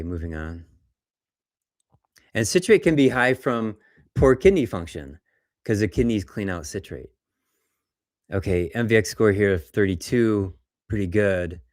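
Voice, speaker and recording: Male clinician lecturing on cases; lower voice, dry close recording, conversational storyteller. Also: no echo. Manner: conversational, animated storytelling, acts out patients' words. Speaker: doctor presenting lab cases. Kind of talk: lecture with case stories.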